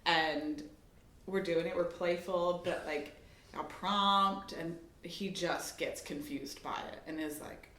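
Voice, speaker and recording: A woman's voice: on the low side, steady tone, slow, a bit bright, echoey room. A woman, a mother in the class, chatty and laughing as she describes a problem with her son. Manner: chatty, laughing, many fillers. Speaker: parent in the class. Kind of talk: asking a question in a class.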